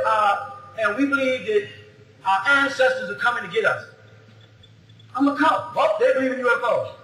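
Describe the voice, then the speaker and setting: High-voiced man lecturing in an echoey hall. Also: sharp tone. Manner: argumentative, heavy on rhetorical questions, laughs often. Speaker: lecturer answering audience questions. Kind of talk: animated public lecture to a live audience.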